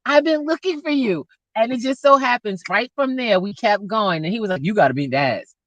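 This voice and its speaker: Animated woman host telling stories. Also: on the high side, fairly quick, no echo, lo-fi sound. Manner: animated storytelling, acts out quoted dialogue; folksy, addresses listeners as y'all. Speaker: podcast host. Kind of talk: casual chat.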